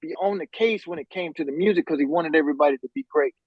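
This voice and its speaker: A man's voice: fairly high pitch, fast talker, husky, dry recording, lo-fi sound. A man, a podcast guest and musician, telling stories casually with slang and bursts of laughter. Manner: animated, laughing storyteller with slang. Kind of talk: casual storytelling.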